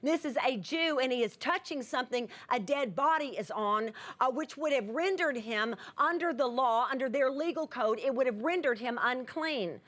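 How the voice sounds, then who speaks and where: A high-pitched middle-aged woman preaching from scripture. She speaks earnestly and emphatically, stressing key words and checking in with her audience. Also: expressive, normal speed, hardly any pauses, fairly bright tone. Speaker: Bible teacher. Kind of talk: sermon.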